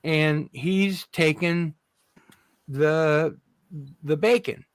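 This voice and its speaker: A man moderating a livestream panel debate, speaking slowly and asking the others to stay civil. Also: fairly high pitch, clear, resonant tone, dry recording. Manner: slow and measured, calling for calm.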